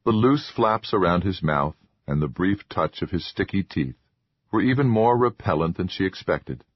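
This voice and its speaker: A man narrating a horror audiobook in a measured, expressive reading. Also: low voice, husky, dry recording, highs cut off.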